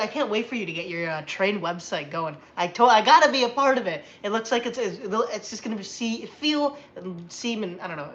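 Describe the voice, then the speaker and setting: A tired woman hosting a casual livestream, chatty and rambling and quick to get excited. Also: mid-range voice, dull audio. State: tired after a long day. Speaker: livestream host.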